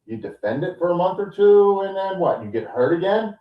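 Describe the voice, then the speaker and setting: A man's voice: sits high, sing-song, brisk, recorded from a distance, pitched above the performer's own voice. A man impersonating a cocky male wrestling champion who mocks his rival in a raised voice. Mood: taunting. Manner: mocking, taunting delivery. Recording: dull, roomy sound from off-mic.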